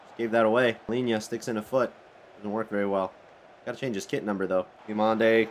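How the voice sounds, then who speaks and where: A man giving live play-by-play commentary on his own football video game, rambling and breaking into sudden excited outbursts. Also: lowish voice, brisk, slight background noise. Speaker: gaming channel host.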